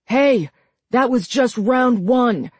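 A woman voicing a hurt but defiant young man who speaks in a low, steady voice. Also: slow pace, breathy edge, dry recording, heavily acted. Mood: shouting taunt. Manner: low and steady, turns to shouting taunts.

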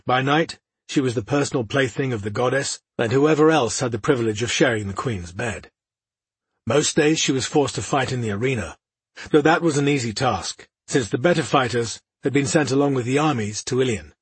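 A man narrating a fantasy audiobook in a steady, measured reading style. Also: medium pitch, husky, no room sound.

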